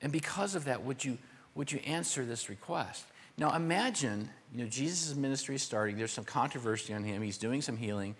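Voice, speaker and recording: A man's voice: medium pitch, animated, brisk, a bit bright, slightly rough, big-room sound. An older man preaching a conversational, verse-by-verse sermon, explaining word meanings with informal asides to his congregation. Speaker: pastor.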